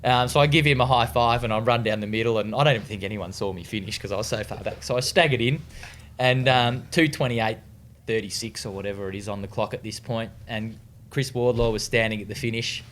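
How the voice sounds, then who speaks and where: A fairly low, fairly bright male voice with an Australian accent comes through at a fairly quick pace, with slight background noise. He's a retired distance runner telling stories in a casual interview, relaxed, swearing freely, and often restarting amid many fillers.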